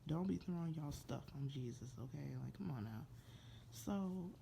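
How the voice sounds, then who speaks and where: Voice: mid-range voice, expressive, normal speed, creaky, warm tone, slight background noise. A person giving a casual, gossipy recap of a TV episode, slangy and playfully sassy, often breaking into laughter. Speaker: TV show reviewer.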